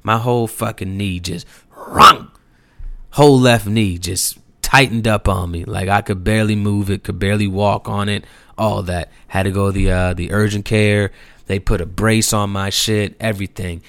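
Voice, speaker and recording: A man's voice: fairly low pitch, moderate pace, creaky, no room sound. A young man telling a personal story in a casual, slangy and profane way, acting out the people in it. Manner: animated, slangy and profane, acts out quotes.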